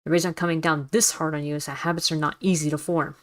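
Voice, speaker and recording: A woman's voice: deep voice, little pitch movement, fast talker, natural voice. A woman reading a chatty, insistent male school nurse. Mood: stern. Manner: friendly but insistent, lecturing. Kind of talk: reading a visual novel aloud.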